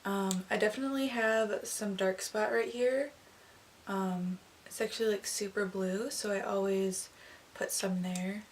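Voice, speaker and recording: A woman's voice: mid-range voice, fairly even intonation, a little slow. Chatty young woman giving a makeup tutorial. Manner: chatty, casual, filler-heavy with "um" and "like". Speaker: makeup artist. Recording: slightly distant mic with faint noise.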